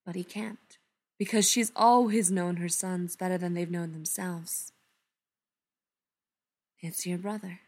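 A woman reading a story aloud, softly and unhurriedly, often dropping to a hush. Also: on the low side, fairly even intonation. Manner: soft, unhurried, often hushed. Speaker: reader. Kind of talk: storybook narration read aloud.

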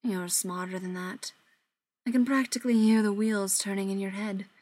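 A woman's voice: medium pitch, steady tone, normal speed, darkish tone, dry recording, lightly acted. A woman doing a smug, drawling vampire man. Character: smug, condescending male vampire elder.

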